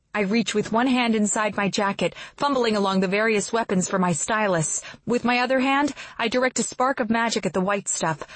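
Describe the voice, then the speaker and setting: A woman narrating a first-person fantasy novel in a steady, brisk storytelling manner. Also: mid-range voice, husky, dry recording. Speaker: audiobook narrator.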